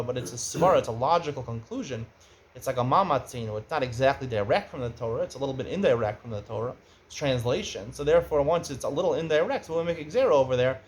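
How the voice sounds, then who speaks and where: A middle-aged man gives a Talmud study lecture, speaking conversationally and getting animated when he raises questions. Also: mid-range voice, slight background noise. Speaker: Talmud teacher.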